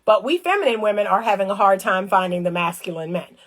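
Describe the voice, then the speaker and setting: A woman giving casual, animated commentary on relationships. She talks straight to her viewers in colloquial speech, repeats phrases for emphasis and acts out little scenes. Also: medium pitch, fast. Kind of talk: casual direct-to-camera commentary.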